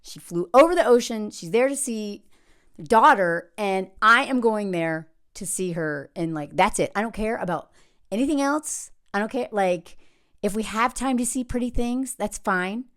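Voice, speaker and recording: A woman's voice: mid-range voice, animated, normal speed, a bit bright. A woman who makes online videos talks in a casual personal vlog. She rambles, interrupts herself, uses many fillers, and is reflective and candid. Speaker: content creator.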